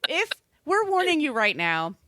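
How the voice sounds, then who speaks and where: A woman's voice: sits high, very animated, normal speed, bright, forceful tone, no echo, studio quality. A woman with an American accent, co-hosting a podcast in casual chat, joking and laughing often. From United States. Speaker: podcast co-host.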